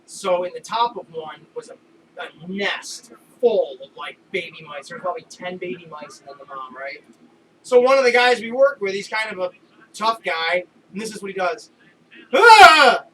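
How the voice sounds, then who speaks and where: A man with a New York accent co-hosting a casual wrestling podcast, telling loud, animated stories and swearing freely. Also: sits high, moderate pace. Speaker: podcast co-host. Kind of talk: casual chat watching wrestling. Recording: distant mic with clear background noise.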